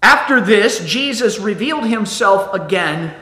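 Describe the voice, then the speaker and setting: A man's voice: sits high, expressive, measured pace, pushed and bright, roomy sound. A middle-aged man giving a sermon as a pastor, conversational, with restarts and acted-out quotes.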